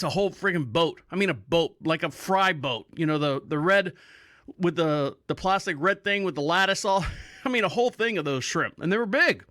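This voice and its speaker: A man's voice: high-pitched, pushed and bright, no room sound, clean studio sound. A man hosting a podcast, telling a rambling story in casual talk, swearing freely and laughing often. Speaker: podcast host.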